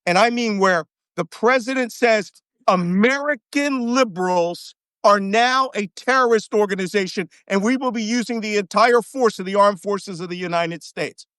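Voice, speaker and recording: A man's voice: high-pitched, moderate pace, hardly any pauses, bright, forceful tone, clean tone, dry recording. A man who served as a navy chief, giving heated, profane, emphatic commentary as a guest on a talk show.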